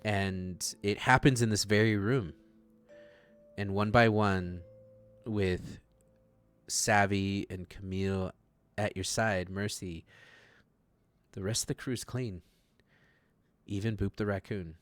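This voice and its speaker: A man's voice: lowish voice, fairly even intonation, slow pace, pauses often, fairly bright tone, soft background music. A man narrating as game master of a tabletop game, laughing with his players.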